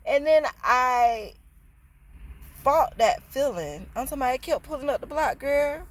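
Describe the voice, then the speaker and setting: A woman's voice: sits high, lively intonation, unhurried. A woman telling a casual storytime on her vlog, blunt, slangy and passionate, swearing freely. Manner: slangy, streetwise talk. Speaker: vlogger.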